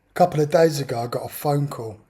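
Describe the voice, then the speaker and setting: A man's voice: on the high side, fast, warm tone, husky. A man telling a personal story in an exasperated, ranting way. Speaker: vlogger. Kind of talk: personal account monologue.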